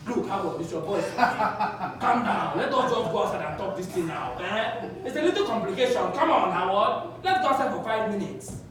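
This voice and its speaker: A man's voice: high voice, expressive, brisk, crowd noise. A man on stage playing a male talent manager who coaxes and placates, recorded from far off in an echoey theatre. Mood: coaxing. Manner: placating, chuckling, coaxing. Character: coaxing male talent manager smoothing things over.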